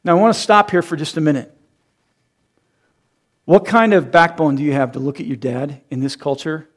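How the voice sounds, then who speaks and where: A man's voice: fairly high pitch, normal speed. A man in his thirties preaching a sermon, who acts out quoted voices and laughs at his own jokes. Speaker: pastor.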